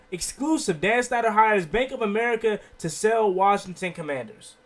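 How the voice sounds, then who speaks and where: An excitable man with a high voice hosts his own sports show and rambles through breaking news. He keeps tacking "okay?" onto his sentences and sounds a bit under the weather. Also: brisk, few pauses. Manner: excitable, rambling, repeats 'okay?' often. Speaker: sports video host. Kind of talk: excited casual sports commentary.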